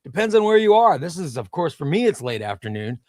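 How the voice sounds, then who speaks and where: A talkative man hosts a relaxed comics livestream from home, greeting each viewer by name and reading their messages aloud. His voice sits fairly high. The sound is dry and close to the microphone. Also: brisk, dry recording. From United States. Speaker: livestream host. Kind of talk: casual live-stream chat.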